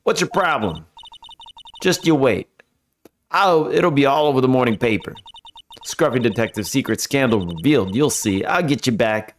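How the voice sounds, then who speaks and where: A man's voice: medium pitch, big pitch swings, unhurried, slight background noise. Man putting on a brash, pushy gal reporter. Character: pushy nosy young woman photographer.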